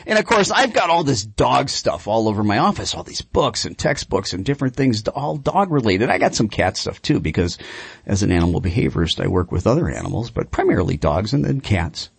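A man hosting a radio call-in show about dog training, telling stories in an animated, chatty way. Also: on the low side, a little fast, vocal fry, breathy edge, no room sound.

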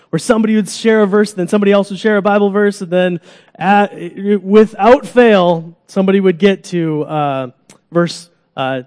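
A man preaching a sermon to a congregation in a church, animated, acting out groans and cries, coaxing children up for an illustration. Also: sits high, long reverb tail. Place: church sanctuary.

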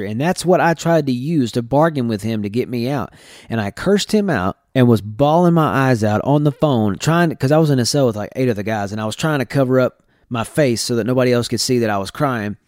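A man's voice: mid-range voice, darkish tone, no room sound, studio quality. A man from Texas candidly telling his personal testimony as a podcast host, earnest and full of restarts.

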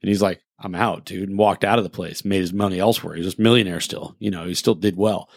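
A man's voice: sits low, steady tone, quick pace, creaky, no echo. Brief: man, podcast host, rambling crude storyteller, dry close mic. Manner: rambling, profane, loses his train of thought. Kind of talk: crude casual chat.

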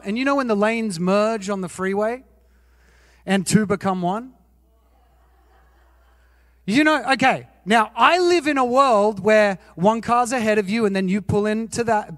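A man's voice: high voice, normal speed, no echo, in a large hall. A male pastor preaching a sermon, telling self-mocking personal stories and asking his listeners questions. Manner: animated, self-mocking, asks the audience questions.

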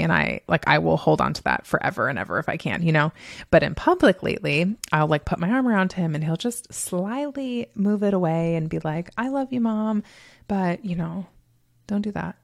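A woman's voice: low-pitched, gravelly, no room sound, clean studio sound. A woman hosting a solo motivational podcast, talking candidly and emphatically, swearing freely and laughing often as she tells stories. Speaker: podcast host.

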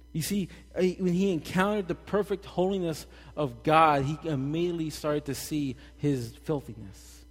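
A young man with a drawl preaches in a loose, lively way, breaking off for jokey asides and acting out the voices he quotes. His voice sits a little on the high side. A long reverb trails behind him from the hall. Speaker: pastor. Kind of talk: casual sermon.

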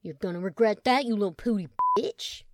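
Casting: woman doing a crude, shouty young brother, loud and brash, dry close read. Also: high voice, big pitch swings, slow pace, no echo, voice pushed up, full character voice. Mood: threatening.

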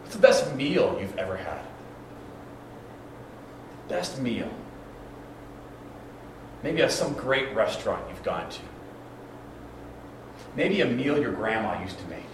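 Animated pastor in a very echoey room. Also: male voice, mid-range voice, slow, pauses often. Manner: animated, acts out dialogue with stammered restarts. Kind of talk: storytelling sermon. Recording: very echoey room, distant mic, background noise.

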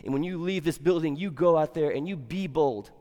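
A fairly high-voiced man preaches with easy enthusiasm, talking to his congregation as if chatting with friends and tripping over a word now and then. His voice rings out through the long reverb of a church sanctuary. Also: a little fast, mellow. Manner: conversational, enthusiastic, stumbles and repeats words. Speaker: pastor. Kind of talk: sermon.

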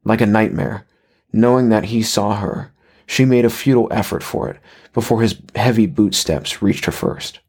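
A man reading a horror story as narrator, in a slow and measured way. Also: on the low side, a little mellow, breathy edge.

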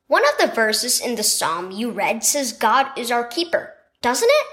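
A woman's voice: fairly high pitch, wildly swooping pitch, a little slow, a bit bright, heavily acted. A woman voicing a curious little girl in a children's storybook devotional, asking questions. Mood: questioning. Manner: wondering, questioning.

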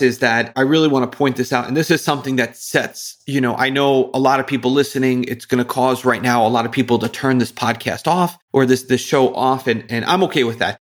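A man hosting a podcast interview, asking rapid-fire questions with lively enthusiasm. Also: medium pitch. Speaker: podcast host.

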